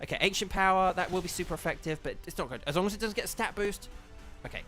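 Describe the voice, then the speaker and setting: Chatty man streaming a game, slightly high voice. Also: fast, faint music behind. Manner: chatty, lots of ums, excited bursts. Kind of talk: casual live gameplay commentary.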